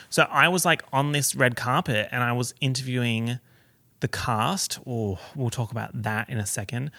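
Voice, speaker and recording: A young Australian man telling a story to camera in a chatty, gossipy vlog style, full of fillers and sudden excited outbursts. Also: normal speed, vocal fry, no room sound. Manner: animated, gossipy, lots of fillers and sudden high exclamations. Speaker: YouTuber.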